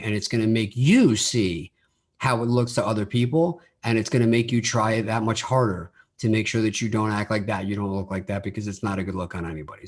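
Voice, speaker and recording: A man talking casually on his solo podcast, often repeating words as he starts his sentences. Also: lowish voice. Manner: acts out quoted dialogue in his own voice. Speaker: podcast host.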